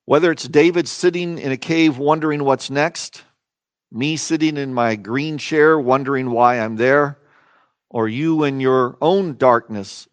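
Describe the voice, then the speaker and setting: A man preaching a sermon in an earnest, emphatic way, slowing into dramatic pauses on key phrases. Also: medium pitch, no room sound. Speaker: pastor.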